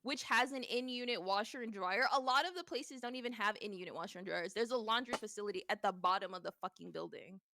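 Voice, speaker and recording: A young woman in her twenties telling stories in casual chat as a streamer, animated, laughing often and swearing freely. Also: medium pitch, fast talker, few pauses.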